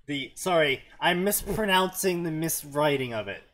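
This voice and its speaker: A man's voice: a little high, expressive, moderate pace, few pauses, a bit bright. A man co-hosting a casual comedy show, reading fanfiction aloud and making dry, sarcastic remarks. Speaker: co-host.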